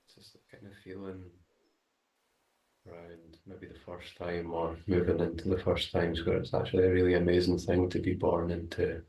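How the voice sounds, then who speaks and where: Male group participant, very low monotone with vocal fry, halting delivery, distant roomy pickup. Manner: hesitant, halting, searches for words. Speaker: student sharing in a group. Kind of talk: hesitant personal sharing. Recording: distant, echoey room mic.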